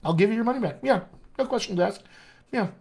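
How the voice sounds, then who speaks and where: Friendly guy coaching accents on a live stream, chatty and salesy, voice a bit on the high side. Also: lively intonation, quick pace, creaky, darkish tone, husky. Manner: reads out viewer comments. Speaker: dialect coach. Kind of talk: casual livestream talk to viewers.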